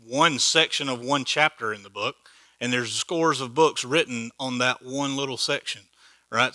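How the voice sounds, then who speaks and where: Bright-voiced man teaching Bible study. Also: mid-range voice, no echo. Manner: conversational, joking, rhetorical questions. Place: church hall.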